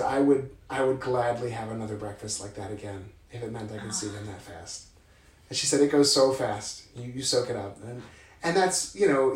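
A man's voice: mid-range voice, far from the mic. A man co-hosting a podcast with his partner, talking candidly and casually, laughing and swearing freely. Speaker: podcast co-host. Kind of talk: casual couple chat. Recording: roomy echo from off-mic, faint noise.

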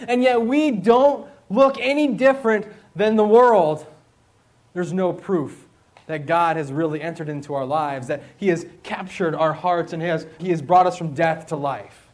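A man's voice: high voice, moderate pace. A man preaching a sermon to students at a school, conversational, with rhetorical questions and repeated phrases. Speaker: school chapel speaker.

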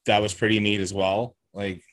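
A man's voice: on the low side, level tone, moderate pace, no room sound. A man co-hosting a podcast in casual chat, talking in a rambling way with lots of fillers and restarts. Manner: rambling, hesitant, many fillers.

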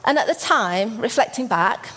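A woman's voice: on the high side, animated, moderate pace, a bit bright, slightly rough. A woman in her forties from Birmingham, giving a church sermon as a story, with frequent ums and restarts. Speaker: church speaker.

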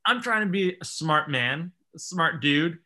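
A man's voice: on the high side, lively intonation, measured pace, bright, forceful tone. A man telling a long self-mocking story in casual chat, acting out what others said.

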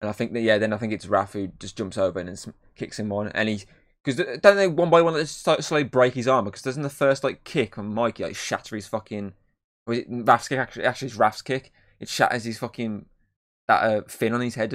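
Young male film reviewer, slightly low voice, rambling, casual, swears a lot. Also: fairly quick. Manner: rambling, lots of fillers and swearing. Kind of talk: casual podcast chat.

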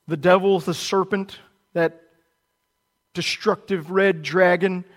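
Male pastor with a high voice, preaching emphatically and asking questions. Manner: emphatic, asks the listeners questions. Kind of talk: sermon.

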